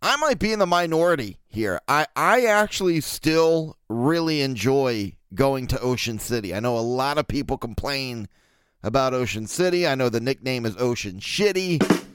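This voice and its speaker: A man's voice: mid-range voice, lively intonation, normal speed, a bit bright, clean tone, no echo, clean studio sound. A man in his thirties from Baltimore hosting a solo podcast, rambling and joking crudely with lots of fillers. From Baltimore, USA. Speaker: podcast host. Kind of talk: casual solo podcast chat.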